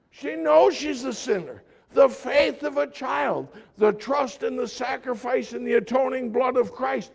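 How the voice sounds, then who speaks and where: A male pastor preaching a sermon in a conversational, storytelling way, swinging from loud emphatic lines to hushed soft ones. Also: very high-pitched, unhurried, gravelly, breathy edge.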